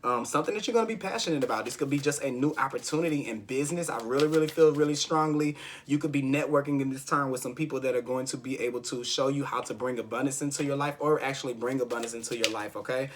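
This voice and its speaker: A man's voice: mid-range voice, fast, a little hiss or hum. Guy doing a chill tarot reading, kinda rambly, keeps saying okay. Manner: rambling, encouraging, repeats "okay?". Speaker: tarot reader.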